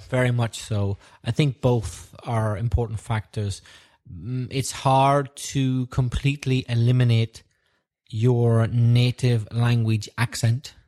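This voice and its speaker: A male podcast co-host talks in a relaxed, thoughtful way while he explains his ideas. His voice sits at an ordinary, mid pitch. He sounds easygoing and conversational.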